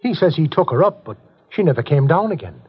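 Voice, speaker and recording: A man's voice: on the high side, big pitch swings, brisk, slightly rough. An actor playing a loyal, eager assistant detective in a 1950s radio drama, deferential to his boss. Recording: muffled radio broadcast, off-mic.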